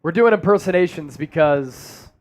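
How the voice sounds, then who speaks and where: A man's voice: a little high, lively intonation, normal speed. A man hosting a casual sports livestream, joking around and reading viewer comments aloud. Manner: loose, joking, reads chat aloud. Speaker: sports show host.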